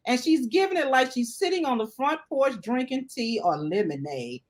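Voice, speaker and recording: A lively woman hosts a casual online chat, talking freely and tagging her points with "okay?". Her voice sits a little high. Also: moderate pace. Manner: chatty, animated, repeats "okay?" often. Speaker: host.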